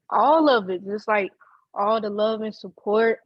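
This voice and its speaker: A woman's voice: medium pitch, no echo. Hesitant woman on muffled call audio. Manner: halting, searching for words. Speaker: program member. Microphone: video call.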